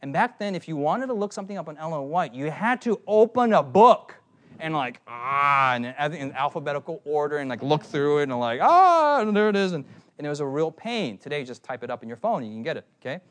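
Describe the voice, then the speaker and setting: Fairly high-voiced guy preaching at a youth conference, playful and animated, keeps checking in with the crowd. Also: quick pace. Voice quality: animated, playful, calls out to the audience. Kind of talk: sermon.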